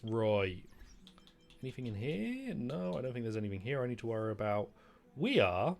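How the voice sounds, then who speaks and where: A man's voice: mid-range voice, very animated, normal speed, vocal fry, a little mellow. A British man casually commentating a video game, wryly reading dialogue aloud with mock indignation. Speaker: gaming streamer.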